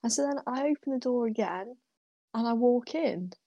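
A woman's voice: a little high, moderate pace, vocal fry, dry recording, highs cut off. A young woman co-hosting a casual chat, telling a story in a rambling way full of fillers.

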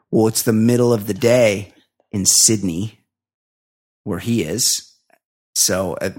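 A man hosting a comedy podcast, joking and rambling in casual chat, sometimes reading listener emails aloud. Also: fairly low pitch. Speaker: podcast host.

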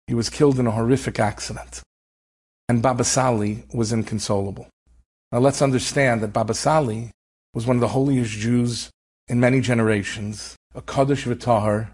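A man's voice: mid-range voice, darkish tone. A man, a rabbi, telling an inspirational story in an earnest, conversational way.

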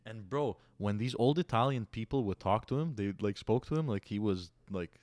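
A man's voice: fairly low pitch, normal speed, darkish tone, no echo, studio quality. A man hosting a casual podcast chat, laid-back, laughing often and mimicking people as he tells stories.

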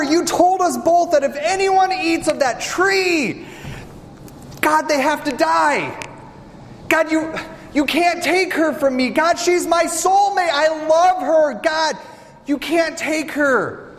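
A preacher acting out a panicked, pleading Adam. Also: male voice, very high-pitched, takes it slowly, a little hiss or hum, voice pushed up, heavily acted. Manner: trembling, desperate, pleading. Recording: reverberant hall with faint ambience.

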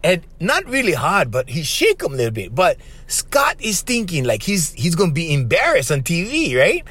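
Hawaiian guy telling a story on his podcast, high voice, swings up and down a lot, keeps saying bro. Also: huge pitch swings, moderate pace, a bit bright, slightly rough. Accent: Hawaiian Pidgin-tinged English. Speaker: podcast host. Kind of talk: casual storytelling monologue.

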